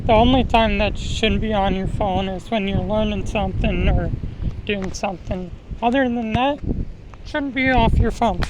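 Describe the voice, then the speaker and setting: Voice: mid-range voice, moderate pace, noisy background. A vlogger talking in a casual, rambling way, often repeating and restarting words, recorded outdoors near water. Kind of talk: casual opinion vlog.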